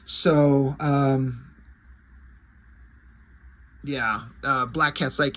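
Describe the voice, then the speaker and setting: A man's voice: on the high side, animated, normal speed, a bit bright. A man casually recapping a comic book story, rambling with asides along the way. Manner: rambling and conversational, with asides and fillers.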